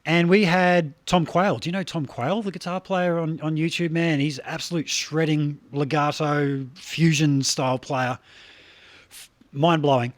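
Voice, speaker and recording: A man hosting a podcast in casual chat, telling stories fast with stutters and restarts. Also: on the high side, fairly even intonation, dry recording. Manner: quick, stuttering storyteller. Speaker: podcast host.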